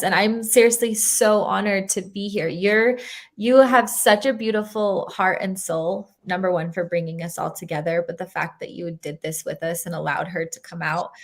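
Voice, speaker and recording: A woman speaking as a guest speaker, leading a gentle guided meditation and talking in a soothing, affirming way over a video call. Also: mid-range voice, gravelly. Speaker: guest speaker, energy healer. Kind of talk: guided meditation and warm talk.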